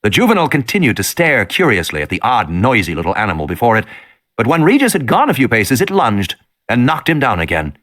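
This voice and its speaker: A man reading an audiobook in an expressive, dramatic narration. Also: mid-range voice, fast talker.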